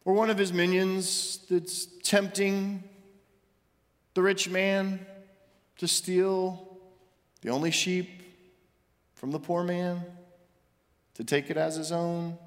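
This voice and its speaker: A male pastor delivering a sermon, rising to emphatic questions and dropping soft and low for confession. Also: little pitch movement, slow pace, pauses often. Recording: long reverb of a large hall.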